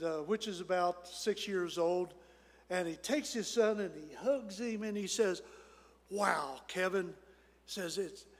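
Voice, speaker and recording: A man preaching a sermon as pastor, telling a story in a folksy way and dropping to soft, hushed tones at tender moments. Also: sits high. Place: church sanctuary. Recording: church hall with long reverb.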